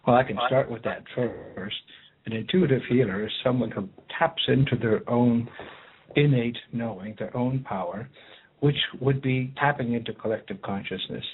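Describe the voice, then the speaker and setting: A man explains his views in a steady, measured way. His voice is slightly husky and sits in an ordinary middle register. The audio is thin and narrow, like a call-in line. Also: mid-range voice. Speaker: guest, intuitive healer. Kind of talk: explanatory talk. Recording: tinny phone-like call audio.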